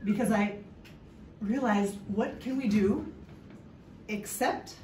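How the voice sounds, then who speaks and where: A woman's voice: mid-range voice, takes it slowly, warm tone, a little hiss or hum. A woman giving a humorous stage talk, telling a playful story and joking with the audience. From Canada. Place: stage before a live audience. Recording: echoey hall, voice from far off.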